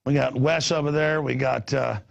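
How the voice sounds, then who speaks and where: A middle-aged man hosting a talk show, rambling in an animated way and repeating his words, with a gravelly voice. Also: normal speed, lo-fi sound. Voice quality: gravelly, husky voice. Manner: excitable, repeats words, jumps between pitches.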